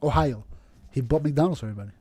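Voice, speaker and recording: A man co-hosting a podcast in playful, animated casual chat. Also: mid-range voice, slightly rough, no room sound. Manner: animated, playful, quick to agree. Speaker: podcast co-host.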